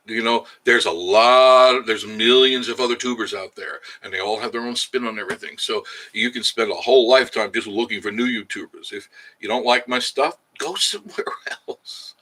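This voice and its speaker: A man chatting casually on a livestream, reading viewer comments out loud and answering them as he goes. His voice is bright and forward, and his talk rambles along in a frank, easygoing way. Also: lowish voice, poor audio. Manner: rambling, chatty and candid, with frequent laughs. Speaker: livestream host.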